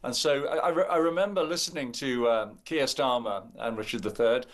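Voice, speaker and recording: A man's voice: mid-range voice, brisk. An older man, a politician guest chatting jovially in a radio interview.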